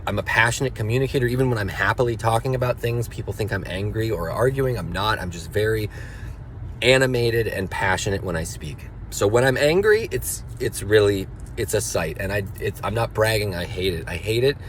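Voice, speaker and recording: A man's voice: on the low side, expressive, a little fast, slight background noise. A father talking alone in an earnest, confessional way, his voice rising as he gets emotional. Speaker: father sharing a personal reflection. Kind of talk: unscripted personal monologue. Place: car, after school drop-off.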